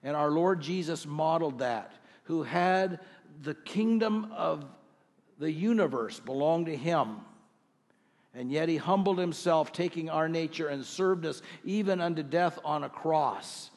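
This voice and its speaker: Middle-aged guy pastor giving a sermon, kinda high voice, big echoey church, reads verses slow. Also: a little mellow. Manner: earnest, reads scripture slowly, asks rhetorical questions. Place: church sanctuary.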